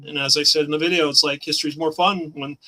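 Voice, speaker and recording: A middle-aged man with a bright, forceful voice, sitting slightly higher in pitch than most men. He talks with rambling enthusiasm and laughs often, as a guest on a remote chat show. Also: fairly even intonation, fast, poor audio. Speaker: guest comic creator. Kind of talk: casual interview chat.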